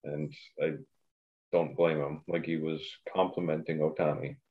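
A low-pitched man talks sports with friends, blunt and profane, in a relaxed podcast chat. His deep voice comes through a slightly dull, lo-fi recording. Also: normal speed. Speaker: podcast co-host.

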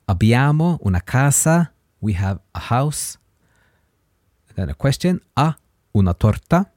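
Male podcast teacher, patient and slow with examples, animated pitch, dry sound. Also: no room sound. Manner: patient, repeats words slowly for learners. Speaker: language teacher, podcast host. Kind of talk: casual podcast lesson.

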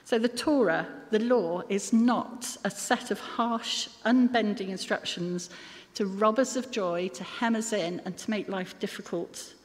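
A woman delivers an earnest sermon at a measured pace in a medium pitch, occasionally poking fun at herself. The sound has a long hall reverb.

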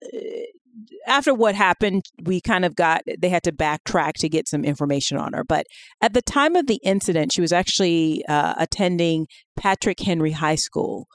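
A chatty woman co-hosting a podcast, with a fairly low voice. She talks loosely, full of fillers and quick asides. The sound is dry and close, with no room around it. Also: no echo. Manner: chatty and animated, with many fillers. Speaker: podcast co-host. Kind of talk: casual podcast chat.

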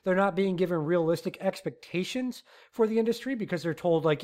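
A man's voice: high-pitched, a little fast, hardly any pauses. Rambling man on a podcast rant. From Texas. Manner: animated, rambling, many fillers and restarts. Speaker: podcast host.

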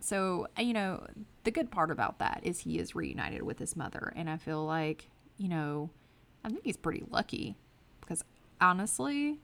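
A woman's voice: fairly low pitch, creaky, fairly bright tone. A woman co-hosting a casual true-crime podcast chat, telling the case in a sarcastic, storytelling way and swearing casually. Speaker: podcast co-host.

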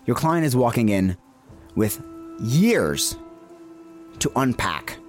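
A man's voice: medium pitch, sing-song, soft background music. Earnest man teaching counseling skills. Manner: earnest, emphatic teaching with pauses and fillers. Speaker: counseling instructor. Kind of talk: instructional podcast talk.

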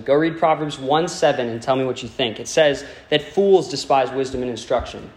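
Male preacher, slightly higher voice, chatty sermon delivery with questions to the church. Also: brisk. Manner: conversational and playful, asking the congregation questions.

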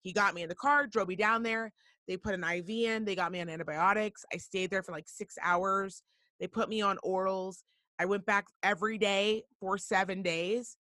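A woman hosting a talk show, telling a story in a blunt, profane and animated way. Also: mid-range voice, normal speed, no room sound, clean studio sound. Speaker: podcast host. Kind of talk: casual storytelling.

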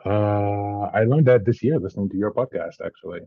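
Low-voiced man, slight French-tinged accent. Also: a little fast, no echo, narrow, tinny audio. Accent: slightly French-tinged mix. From Central Virginia, USA. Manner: laughs often, relaxed, swears casually. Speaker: podcast guest. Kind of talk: casual interview chat.

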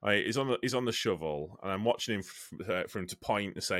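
A man tells a work story in a loose, rambling chat, his pitch swinging widely and freely. He swears casually along the way. The sound is close and dry. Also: lively intonation, fast talker, sharp tone, no echo.

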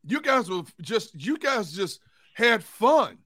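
Bright high-voiced male sports host. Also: sing-song, takes it slowly. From United States. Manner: storytelling, laughing through anecdotes. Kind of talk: casual sports talk.

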